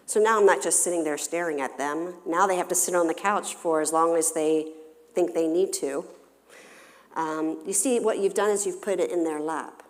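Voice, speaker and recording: A woman's voice: lowish voice, moderate pace. Counselor woman speaking in a reverberant hall. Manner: engaging, poses questions to the audience. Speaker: family counselor giving a talk. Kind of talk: parenting seminar talk. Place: church hall.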